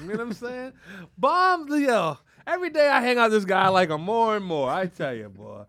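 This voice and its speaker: A man co-hosting a podcast, telling stories in a loud, animated, profane way and laughing often. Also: high voice, a little fast. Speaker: podcast co-host. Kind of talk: casual chat.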